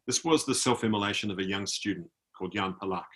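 Talking fast in a lowish, fairly bright voice, an Australian man who's an author guest shares an anecdote over a video call. He imitates the people he met as he tells the story in conversation.

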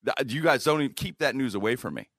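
A man's voice: mid-range voice, fast, dry recording, clean studio sound. A middle-aged man telling a long anecdote in a casual podcast chat, acting out the quotes and laughing as he goes. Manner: animated storyteller, acts out quotes, laughs often. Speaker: guest storyteller.

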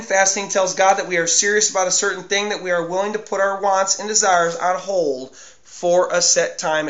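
A man with a high, bright, sharp voice preaches in an earnest and emphatic way, circling back over his own phrases. The recording is dull and lo-fi, with a roomy echo around him. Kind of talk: sermon on fasting.

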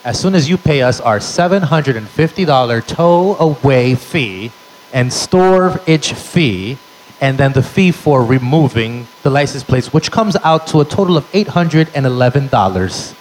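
A man voicing a formal, bureaucratic tow-yard clerk who speaks slowly and politely. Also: medium pitch, lively intonation, slight background noise, natural voice, rough recording. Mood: officious. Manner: slow, officious, bureaucratic.

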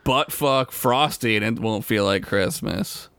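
A man's voice: on the low side, unhurried, creaky, a bit bright, smooth, no room sound. A man co-hosting a podcast, trading crude jokes and laughing often in casual banter. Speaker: podcast co-host.

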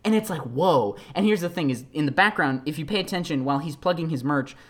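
An actor hosting a podcast, rambling through a story in a loose monologue full of "like". The delivery swings from excited high bursts to low, quiet asides, with voices put on for the people in the story. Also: fast. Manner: chatty, heavy use of "like", animated retelling with quoted voices. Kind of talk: casual monologue.

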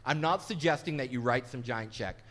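A middle-aged male pastor preaching in a frank, chatty way, often poking fun at himself. His voice sits at a middle pitch for a man. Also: brisk, fairly bright tone. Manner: candid, conversational, self-deprecating. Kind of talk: sermon.

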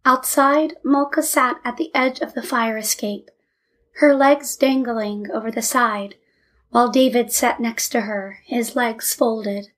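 Woman narrating a story, fairly high voice. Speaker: audiobook narrator.

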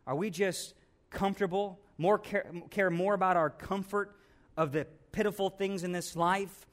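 A man preaching a sermon, acting out a complaining Jonah in dramatic bursts and swinging between loud outcries and hushed asides. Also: high voice. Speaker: pastor.

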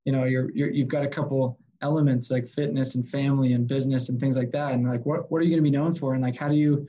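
A sales consultant in casual conversation, telling animated stories and acting out what people said to him. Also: male voice, mid-range voice, fast talker, dull audio. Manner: animated, story-driven, acts out quotes. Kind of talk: casual podcast chat, storytelling.

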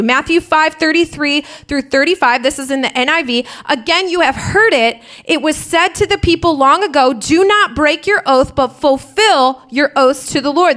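A woman's voice: high voice, a bit bright. A woman pastor preaching a sermon to her congregation, candid and impassioned, rising into fervent prayer.

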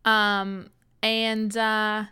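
A woman's voice: medium pitch, smooth. Chatty woman recapping a book. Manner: animated retelling with quick quoted voices and frequent laughs. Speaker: podcast co-host. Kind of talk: casual book-club chat.

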